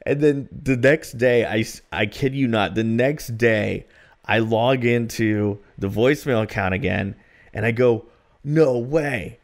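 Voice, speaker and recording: A man's voice: fairly low pitch, a little slow. A man co-hosting a podcast, chatting casually and telling rambling stories with plenty of fillers. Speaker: podcast co-host.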